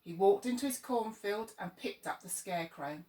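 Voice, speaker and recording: A woman reading a children's story aloud in an expressive, lively way. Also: mid-range voice, moderate pace, recorded from a distance. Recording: echoey room, voice off-mic.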